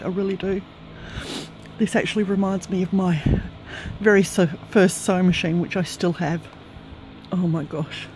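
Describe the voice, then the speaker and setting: A woman crafter filming a gift unboxing at home on a handheld camera, tearful and trembling, gushing softly with many breathy sighs. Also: mid-range voice, background noise. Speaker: craft vlogger. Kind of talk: emotional gift-unboxing vlog. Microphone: handheld camera, shaking.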